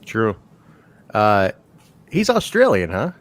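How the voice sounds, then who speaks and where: A man co-hosting a wrestling review podcast in casual chat, teasing the others and laughing often. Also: lowish voice. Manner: animated, teasing, quick to laugh. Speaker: podcast co-host.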